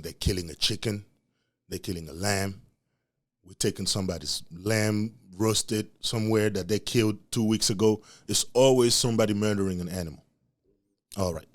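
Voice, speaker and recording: A young man from Africa, hosting a podcast and telling a comic, profane story in an animated way. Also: fairly low pitch. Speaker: podcast host. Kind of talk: storytelling rant.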